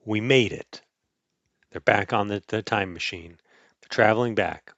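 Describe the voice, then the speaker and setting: A man casually reading a picture book aloud to a child, playful and animated, adding sound effects and chuckles. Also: lowish voice, measured pace, pauses often, no room sound, dull audio. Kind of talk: casual storybook read-aloud.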